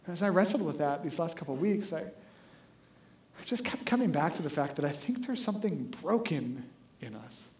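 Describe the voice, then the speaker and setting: A male pastor with a high voice preaches a lively, conversational sermon, a little fast, repeatedly asking the congregation "right?" The audio is roomy, like it was captured in a big echoing sanctuary.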